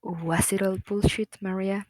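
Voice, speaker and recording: A woman voicing a despairing young man who hates himself, reading game dialogue aloud in a slow, brooding way. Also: mid-range voice, level tone, a little mellow, no echo, lightly acted, rough recording. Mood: bitter, despairing. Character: despairing young man, bitter and self-hating. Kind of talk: reading visual novel lines aloud.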